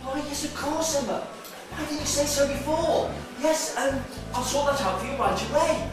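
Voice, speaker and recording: A man's voice: extremely high pitch, normal speed. An actor in a stage play playing Bob, a brash, pushy game show host who talks down to his contestant. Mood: patronizing. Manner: showy, bossy, speaks down to the contestant. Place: theatre stage. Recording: echoey theatre from far off, faint music.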